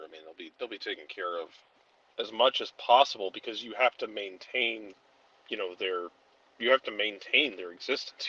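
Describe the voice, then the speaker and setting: Male podcast co-host, husky, restarts a lot, casual chat. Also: medium pitch, fairly bright tone, muffled recording. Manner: restarts phrases and clears his throat.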